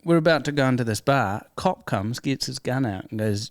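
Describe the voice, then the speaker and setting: A man with a New Zealand accent tells stories as a guest in a relaxed interview, his mid-pitched voice animated and breaking into laughs. The sound is dry and close, with no room around it. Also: normal speed, no room sound. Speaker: guest comedian. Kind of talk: casual interview storytelling.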